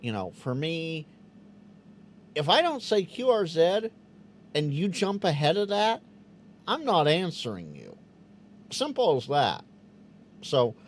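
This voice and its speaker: Lively, animated man hosting a live chat. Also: on the high side, a little hiss or hum. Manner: animated, stammering restarts, acts out quoted voices. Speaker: livestream host answering chat questions.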